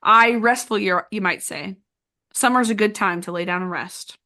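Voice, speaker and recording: A woman's voice: medium pitch, moderate pace, bright, forceful tone. A woman hosting a book podcast, reading passages aloud expressively and chatting casually with restarts and fillers. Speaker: podcast host. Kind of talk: casual book club chat.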